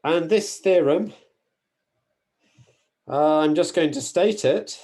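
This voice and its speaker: In a university mathematics lecture, a man with a fairly high, darkish voice explains things carefully. He pauses on fillers and corrects himself along the way.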